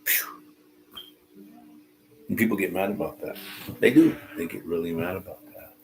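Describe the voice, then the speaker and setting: Deep gravelly man reading scripture. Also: slight background noise, poor audio. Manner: reads slowly and pauses to comment, informal asides. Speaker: Bible teacher.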